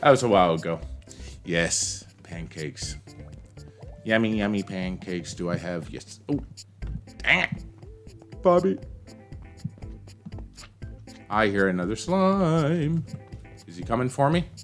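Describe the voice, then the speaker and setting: A man's voice: fairly low pitch, expressive, a little slow, faint music behind. A man streaming a game, rambling to himself and greeting chat as he plays. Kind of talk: casual gameplay commentary.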